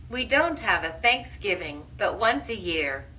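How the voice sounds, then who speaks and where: A woman voicing a poor, humble old man who speaks gently and politely. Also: medium pitch, sing-song, unhurried, slight background noise, voice pushed down.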